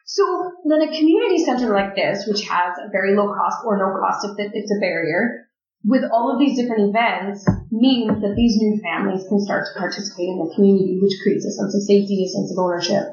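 A woman's voice: medium pitch, fast talker, darkish tone. A woman hosting a casual interview chat. She talks freely, laughs often and asks follow-up questions. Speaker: podcast host. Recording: roomy, slightly dull recording.

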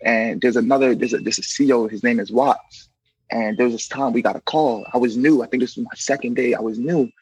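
A man who works as a correction officer, telling stories in a casual, animated way and acting out the voices of the people in them. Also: medium pitch, fairly quick, slightly rough, no echo, rough recording. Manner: animated, acts out quoted voices, fills with "you know what I mean". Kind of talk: casual storytelling in an interview.

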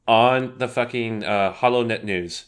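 A man's voice: medium pitch, a little slow, clean tone. A man co-hosting a podcast in casual chat, bantering with jokes and plenty of swearing. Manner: joking, profane banter. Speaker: podcast co-host.

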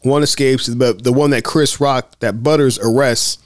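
A man's voice: medium pitch, steady tone, normal speed, no echo, clean studio sound. A man hosting a casual film commentary podcast, acting out movie quotes with laughs. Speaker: podcast host.

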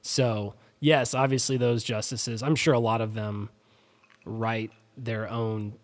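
A man's voice: medium pitch, slow. Rambling male podcast co-host. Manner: relaxed, rambling, many fillers and restarts; drops volume at the ends of phrases. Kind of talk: casual podcast chat.

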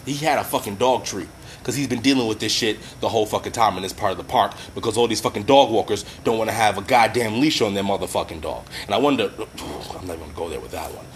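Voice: medium pitch, quick pace, a little hiss or hum. A commentator in a profane, impassioned rant who talks bluntly, swears constantly and speaks straight to the listeners. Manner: heated, blunt, heavy swearing, addresses listeners directly.

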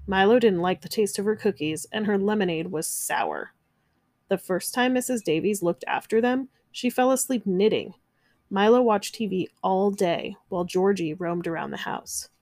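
Lady reading a kids' storybook, gentle, mid pitch, super dry close sound. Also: moderate pace, dry recording. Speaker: narrator. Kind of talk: children's storybook read-aloud.

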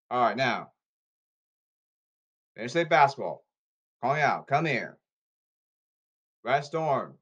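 Man, rambling repetitive orders, pitch jumping all over, loud then quiet. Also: muffled recording. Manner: repetitive, issuing commands and calls. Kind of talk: rambling monologue.

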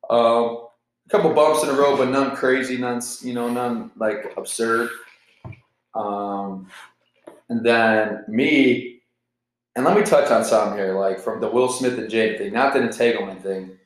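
On this poorly recorded, roomy-sounding solo podcast, the twenty-something host speaks unhurriedly in a mid-range voice. Wired on caffeine, he delivers a rambling, candid, profane monologue in a casual style.

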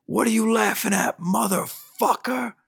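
A man's voice: high-pitched, steady tone, unhurried, vocal fry, a bit bright, breathy edge, no room sound, studio quality, pitched above the performer's own voice, full character voice. A man voicing a hostile man on the street who taunts and swears aggressively.

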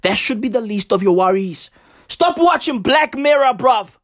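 A comedian delivering a rant full of street slang and swearing, often jumping up into shouts. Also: medium pitch, normal speed, no echo, clean studio sound. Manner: slang-heavy, profane, animated swings into shouting.

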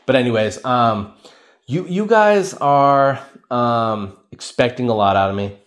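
Speaking slowly at a medium pitch, this young podcast host tells comic tales alone, rambling and poking fun at himself. He brings the stories to life by acting out other people's lines, all captured on a cheap podcast microphone.

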